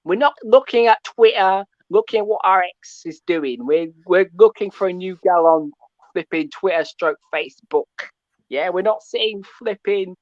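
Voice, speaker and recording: A man's voice: sits high, moderate pace, no echo, lo-fi sound. A man calling in to a fan show, ranting and tagging his points with "yeah?". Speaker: caller. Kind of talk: call-in fan rant.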